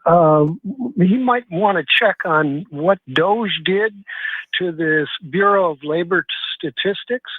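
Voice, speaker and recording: A man calling in to a radio show, speaking haltingly with many pauses and fillers. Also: high voice, no room sound. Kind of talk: phoned-in comment. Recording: tinny phone line.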